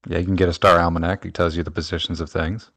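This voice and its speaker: A man's voice: low voice, level tone, quick pace, a bit bright, dry recording. Een man die zakelijk en uitleggend meepraat in een online debat. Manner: explanatory, matter-of-fact. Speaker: panelist.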